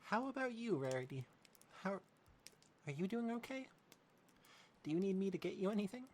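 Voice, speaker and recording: A woman's voice: medium pitch, very animated, normal speed, a little mellow, slight background noise, close to an everyday voice. Woman doing an anxious young pony princess from a fanfic read-aloud, swoops up and down a lot, frets and tries to sound fine. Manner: anxious, reassuring herself. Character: earnest young female pony princess, worried and overworked. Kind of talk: fan-fiction read-aloud.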